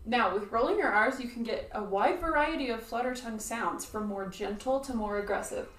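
A woman flute teacher explaining playing techniques in a friendly, clear instructional video. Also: on the high side, a little fast, echoey room, recorded from a distance.

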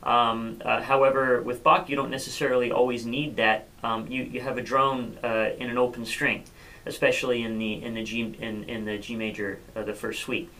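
Man teaching cello, halting and casual. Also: mid-range voice, little pitch movement, bright, forceful tone, low-quality recording. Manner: unscripted, many fillers and restarts. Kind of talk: instructional talk.

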